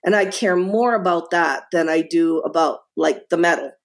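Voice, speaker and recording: A woman's voice: lowish voice, normal speed. A middle-aged woman, a guest author in a podcast interview, talking with passion and emphasis, often repeating words and restarting.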